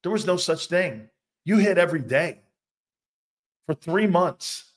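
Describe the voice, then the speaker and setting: A man's voice: sits high, unhurried. A man hosting a sports talk show, reacting to fan comments in a loose, profane way and laughing often. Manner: animated, laughing, profane, loud outbursts.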